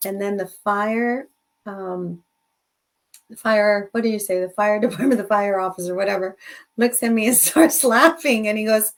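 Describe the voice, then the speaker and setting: A middle-aged woman hosts a relaxed live show in a voice of ordinary pitch. She chats with her viewers and moves easily between English and Spanish. She tells stories about her own life and laughs along as she goes. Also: normal speed. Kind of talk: casual bilingual live-stream chat.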